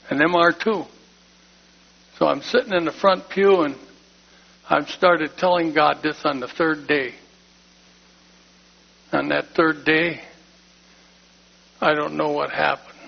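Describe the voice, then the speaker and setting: A man tells his personal testimony in church, plain-spoken and full of feeling. His voice is gravelly and husky, pitched a little high. The recording is dull and lo-fi. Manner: emotional, plain-spoken storytelling. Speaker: speaker giving a testimony in church.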